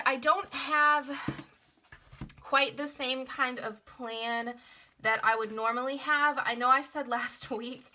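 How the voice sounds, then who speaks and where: A woman's voice: fairly high pitch, bright, forceful tone, a little hiss or hum. A young woman chatting casually as she plans in her planner, rambling a little with many fillers, her nose stuffed up from a cold. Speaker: planner vlogger. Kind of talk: casual plan-with-me chat.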